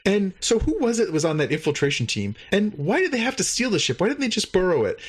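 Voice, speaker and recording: A man's voice: fast talker, breathy edge. A man hosting a podcast, casually recapping an episode and acting out the lines he quotes. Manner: animated, acts out quoted lines in higher voices. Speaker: podcast host.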